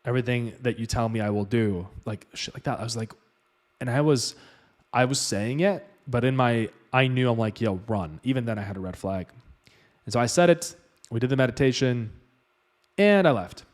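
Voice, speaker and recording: A man's voice: medium pitch, moderate pace, long pauses. A man vlogging, retelling a personal story in loose, casual speech full of "like" and "you know".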